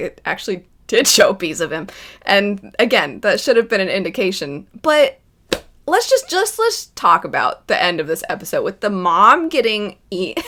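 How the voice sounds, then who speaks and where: A young adult woman giving casual, enthusiastic first-impressions commentary on an anime, chatty and quick to laugh. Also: mid-range voice, fairly bright tone. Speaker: anime reaction vlogger.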